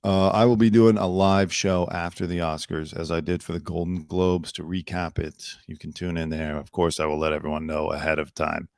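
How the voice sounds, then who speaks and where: A man's voice: low voice, flat delivery, normal speed, gravelly, hardly any pauses, a little mellow, dry recording, clean studio sound. A man hosting his own news commentary show, chatty and opinionated with sarcastic asides. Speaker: host.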